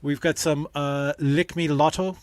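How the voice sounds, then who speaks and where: A man hosting a casual livestream, rambling and halting, full of dad jokes. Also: fairly high pitch, steady tone. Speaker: livestream host.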